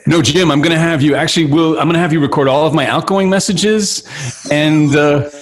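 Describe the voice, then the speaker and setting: A man in his fifties, from New York City, chatting playfully as an actor guest in an interview, joking and animated. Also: on the high side, a little fast. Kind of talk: casual interview chat.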